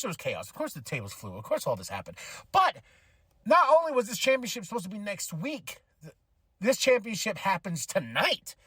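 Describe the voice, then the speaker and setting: Animated man recapping wrestling. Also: on the high side, no room sound. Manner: animated, acts out quotes with laughs and profanity. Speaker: podcast host recapping wrestling. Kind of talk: casual show recap.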